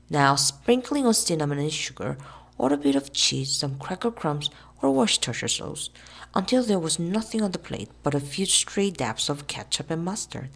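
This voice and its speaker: A woman reading a children's novel aloud in an expressive, lively way. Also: sits low, gravelly. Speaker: storybook reader.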